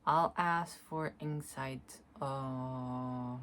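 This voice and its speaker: A woman vlogging alone, speaking softly and reflectively, often pausing to search for words and breaking into laughter. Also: a bass voice, fairly even intonation, a little hiss or hum. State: tearful at times. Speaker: spiritual vlogger. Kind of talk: slow reflective monologue, energy reading.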